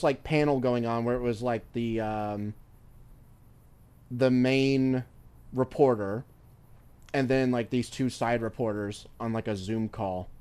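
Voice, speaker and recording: A man's voice: medium pitch, a little mellow, smooth. A male streamer chatting casually while gaming, rambling through stories with free swearing. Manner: rambling, swears freely, loose storytelling.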